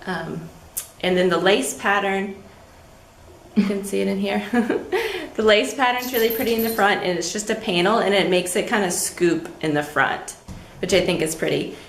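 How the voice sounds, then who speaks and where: A woman's voice: medium pitch, moderate pace, vocal fry, reverberant, a little hiss or hum, poor audio. A woman co-hosting a podcast, chatting casually about her knitting with frequent ums and light laughs. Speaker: podcast co-host.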